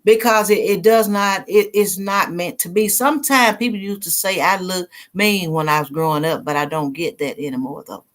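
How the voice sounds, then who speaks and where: A woman's voice: lowish voice, normal speed, few pauses. A middle-aged woman hosting a casual livestream, chatting with viewers and reading their comments. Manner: chatty, laughs easily, reads comments aloud. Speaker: livestream host. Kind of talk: casual live chat with viewers.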